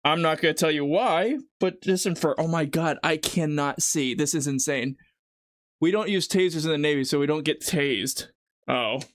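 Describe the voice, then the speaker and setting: This streamer cooks live in a home kitchen, chatting away and rambling, eyes wet from an onion, making fun of themself. The medium-pitched voice keeps a moderate pace in a dry recording.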